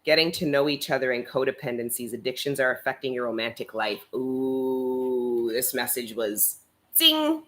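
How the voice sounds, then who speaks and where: Low-voiced chatty tarot reader woman. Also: very animated, normal speed, fairly bright tone. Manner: chatty, laughs often, reads out chat comments; swears casually. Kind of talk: live-stream tarot reading.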